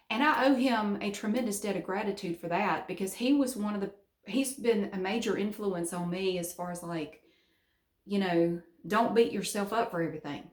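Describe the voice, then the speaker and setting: A middle-aged Southern woman vlogs in a casual chat, laughing often in her Southern accent. Her voice is medium-pitched and a little fast, and the recording has a roomy echo.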